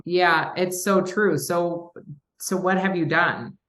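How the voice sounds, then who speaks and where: Speaking slowly in a lowish, steady, slightly bright voice, a real estate investor from Minnesota tells stories on a podcast. She keeps things chatty and performs the phone calls she's quoting.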